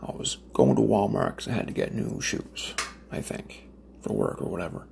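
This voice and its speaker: A man's voice: fairly low pitch, lively intonation, moderate pace, vocal fry, noisy background. A man from Nova Scotia, Canada, ranting in a casual, profane, rambling monologue with lots of fillers and restarts. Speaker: smoker telling stories.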